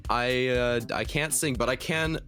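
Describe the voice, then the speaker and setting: A man's voice: mid-range voice, unhurried, pushed and bright, faint music behind. A male radio co-host with a dry, joking manner, hesitating with frequent ums as he talks. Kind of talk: casual radio chat.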